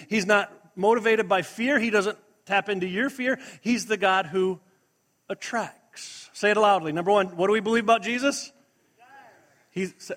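A man's voice: high-pitched, fairly bright tone. A man preaching a sermon in church, calling out to the congregation to respond and quoting scripture with rising emphasis. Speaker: pastor.

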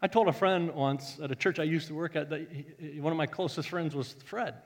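A male pastor telling a story in a sermon, joking and animated, swinging from loud bursts to hushed tones. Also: on the high side, brisk, in a large hall.

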